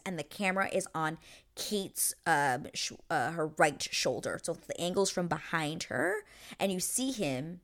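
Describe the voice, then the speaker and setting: A woman chatting casually as she breaks down a TV episode, excitable and chatty, swearing freely and saying "like" a lot. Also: on the low side, takes it slowly. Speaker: TV recap vlogger.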